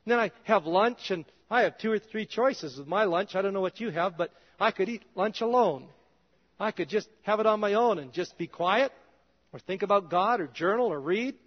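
A male pastor preaching a conversational sermon in a church, his voice dropping soft and low at times. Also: animated, moderate pace. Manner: conversational, drops soft and low in quoted prayers. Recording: dull reverberant hall sound.

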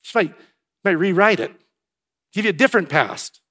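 A man preaching a sermon, swinging between hushed, tender passages and loud, emphatic ones. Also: high voice, lively intonation, normal speed. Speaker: pastor.

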